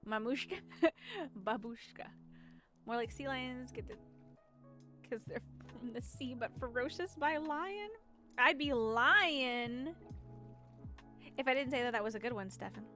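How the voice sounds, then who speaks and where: A woman's voice: sits high, unhurried, pauses often, pushed and bright, soft background music. A woman streamer chatting casually and rambling while she plays, often giggling. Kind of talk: casual chat while gaming.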